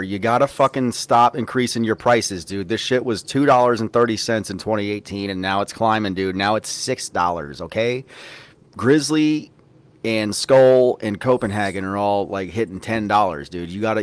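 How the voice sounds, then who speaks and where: A man hosting a podcast, telling rambling, profanity-laced stories in casual chat. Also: fairly low pitch. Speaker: podcast host.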